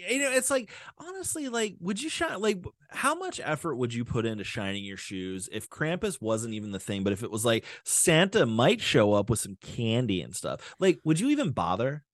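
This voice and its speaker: A man hosting a podcast in casual chat, animated and full of fillers and swearing. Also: mid-range voice, normal speed, few pauses, dry recording, clean studio sound. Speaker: podcast host.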